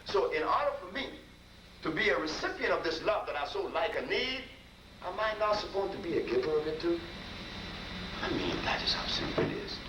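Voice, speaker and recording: A man's voice: fairly high pitch, big pitch swings, a little fast. Folksy man telling a story in a lecture. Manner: folksy, repetitive, acts out dialogue. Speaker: healer giving a lecture. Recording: echoey room, distant mic, noisy.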